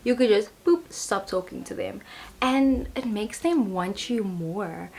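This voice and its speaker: A woman's voice: mid-range voice, expressive, unhurried, darkish tone, breathy edge. A young woman giving a casual, playful tarot reading to the camera, chatting and laughing at herself as she goes. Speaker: tarot reader.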